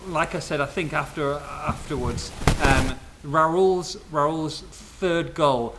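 A man with a fairly high-pitched voice hosting a relaxed football podcast. He tells stories with lively energy and laughs easily as he goes. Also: takes it slowly, heavy background noise. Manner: lively anecdotal storyteller, laughs often. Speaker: podcast host. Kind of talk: casual football podcast chat.

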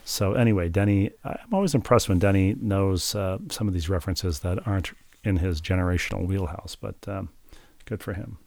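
Male podcast co-host, low voice, wry, deadpan humor. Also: moderate pace, creaky, no room sound. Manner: wry, sardonic banter. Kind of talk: casual chat.

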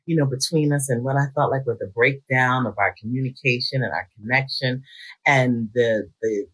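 Middle-aged woman on a radio show, low and kinda breathy, warm and excited. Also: moderate pace. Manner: warm, enthusiastic, expressive talker. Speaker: psychologist guest. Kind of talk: radio talk show interview.

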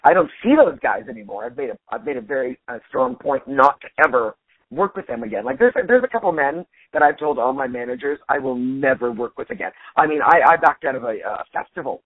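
A husky woman in her forties, a stand-up comedian nearly losing her voice, talking in an animated, casual way and restarting her sentences. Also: very deep voice, quick pace, dry recording. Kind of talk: casual interview chat. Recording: tinny dry phone line.

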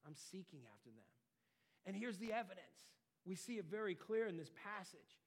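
A man preaching a sermon, earnest, swelling louder and dropping quiet for emphasis. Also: animated, moderate pace. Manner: earnest, rises and falls in pitch and loudness for emphasis. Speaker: pastor.

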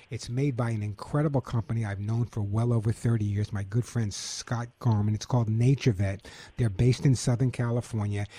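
A man's voice: medium pitch, warm tone, breathy edge. A middle-aged man hosting a call-in pet radio show, chatty and enthusiastic with a joking manner.

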